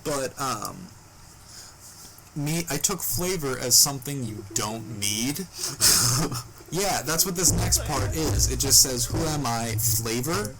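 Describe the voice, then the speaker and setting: A man's voice: medium pitch, animated, slow, long pauses, music in the background, low-quality recording. A young man casually recounting a story on a podcast, reading from his notes as he goes. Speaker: podcast host.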